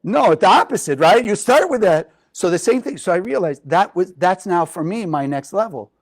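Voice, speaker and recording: A man with a high voice teaching a spiritual lesson to a live group. He speaks expressively and keeps turning to his listeners with questions. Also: expressive, moderate pace, poor audio.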